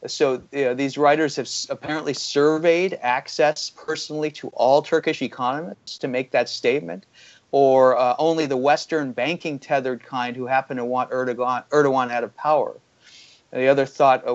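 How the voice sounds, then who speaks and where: This interview guest has a mid-range voice captured with lo-fi sound. He delivers critical, argumentative takes on the economy, peppered with many fillers.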